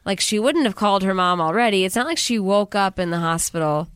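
Chatty woman with a smooth voice. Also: medium pitch, a little fast, a bit bright, no room sound. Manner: chatty, lots of fillers and quoted voices. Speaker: podcast co-host. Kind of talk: casual chat recapping a film.

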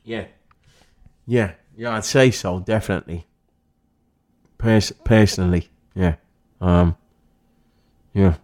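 This man, an actor from Liverpool judging by his accent, tells chatty stories as an interview guest and voices other characters along the way. He talks slowly in a low, darkish voice, pausing often.

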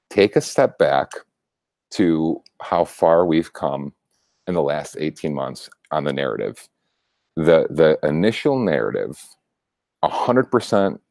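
A young man with a somewhat low voice hosts a casual political chat and rants in an animated way, breaking into laughs and stumbling over restarts. The sound is dry and close, with no room around him. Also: dry recording. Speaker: show host.

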